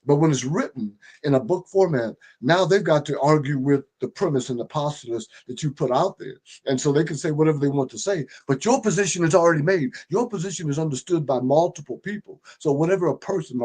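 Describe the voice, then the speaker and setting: A man's voice: on the high side, lively intonation, fairly quick, hardly any pauses, a little mellow, breathy edge. A middle-aged man, a book publisher and strategist, giving a motivational livestream talk in an emphatic, preachy way, repeating key phrases and often restarting his sentences. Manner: frequent restarts and stumbles.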